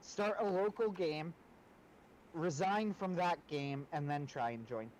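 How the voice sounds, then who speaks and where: Dry, matter-of-fact male co-host, slightly high voice; faint background noise. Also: takes it slowly, a little mellow, rough recording. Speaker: livestream co-host. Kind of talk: casual chat.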